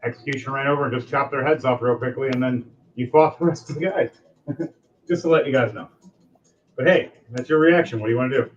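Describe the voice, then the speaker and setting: A man's voice: mid-range voice, steady tone, fast, a little hiss or hum. A man narrating as game master, with loose, rambling descriptions. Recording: dull lo-fi audio, faint music.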